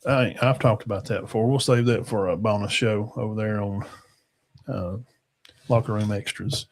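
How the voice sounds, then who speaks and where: A man's voice: on the low side, fairly even intonation, moderate pace. A man, hosting a casual football talk show in a rambling, folksy way that trails off into mumbles. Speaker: sports talk show host.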